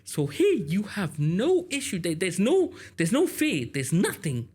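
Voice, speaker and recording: Lively man telling stories. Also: high voice, measured pace, breathy edge. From London. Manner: animated storytelling, lots of fillers. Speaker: podcast co-host. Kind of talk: casual chat.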